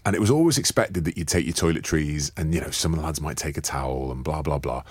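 Low-voiced fast-talking male rugby co-host. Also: husky, no echo. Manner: laughing storyteller, puts on voices. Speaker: podcast co-host, former rugby player. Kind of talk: casual chat.

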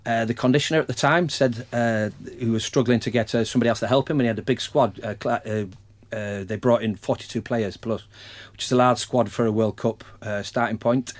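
A middle-aged man with a Northern English accent, talking as a guest about rugby coaching in a measured, plain-spoken way with frequent restarts. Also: mid-range voice, fairly even intonation. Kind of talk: casual podcast chat.

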